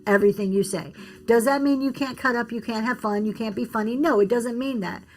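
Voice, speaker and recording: A chatty woman talks shop to her livestream viewers, answering comments from chat as she goes. Her voice sits a little high, and faint music plays underneath. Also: fairly quick. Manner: chatty, reads and answers comments, restarts often. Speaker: livestream seller giving business talk. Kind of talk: casual livestream talk, reading chat.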